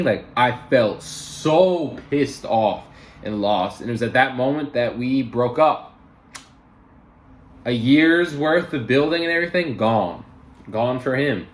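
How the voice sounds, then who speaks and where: A man's voice: medium pitch, lively intonation, normal speed, roomy sound. A young man telling a personal story in a casual storytime vlog, heated and full of fillers and swearing. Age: young adult. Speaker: vlogger.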